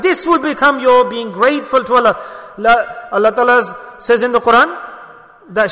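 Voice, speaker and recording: A man preaching a sermon in an emphatic way, asking rhetorical questions and dropping to soft murmurs. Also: extremely high pitch, long reverb tail.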